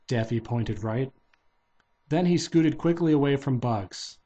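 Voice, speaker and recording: A man's voice: mid-range voice, unhurried, mellow, breathy edge, highs cut off. A man casually reading a children's novelization aloud, barely changing his voice for the characters.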